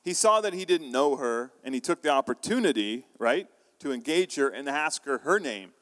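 A man's voice: medium pitch, animated, moderate pace, a bit bright. A man preaching a sermon as pastor, telling a story in a conversational way with frequent restarts. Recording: long reverb of a large hall.

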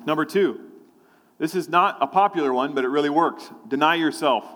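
A man's voice: fairly high pitch, a little fast, a bit bright, long reverb tail. A man preaching a sermon, telling a personal story and acting out his own thoughts and prayers. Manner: storytelling, acts out his own inner voices.

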